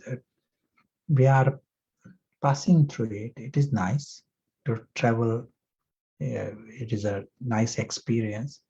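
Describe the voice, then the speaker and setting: A male spiritual teacher speaks slowly and gently, drawing his class into a parable with questions. His tone is warm, dark and husky. The recording is muffled and lo-fi. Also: on the low side.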